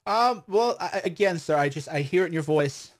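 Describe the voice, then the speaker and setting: A man's voice: on the high side, animated, normal speed, no echo. A man hosting a call-in livestream, chatty, brash and sarcastic, talking casually with callers.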